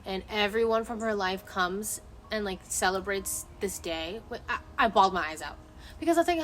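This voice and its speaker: A woman's voice: mid-range voice, animated, normal speed, fairly bright tone. A woman streaming outdoors at night, chatting casually with her viewers. She rambles, gets emotive and swears freely. There is a faint hiss of outdoor ambience behind her. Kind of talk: casual chat. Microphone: phone camera.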